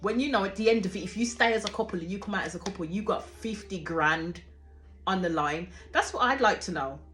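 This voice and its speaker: A woman's voice: mid-range voice, a little fast, a bit bright. A woman, giving blunt, chatty reaction commentary and swearing freely. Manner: chatty, rambling with restarts. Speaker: reality show reactor.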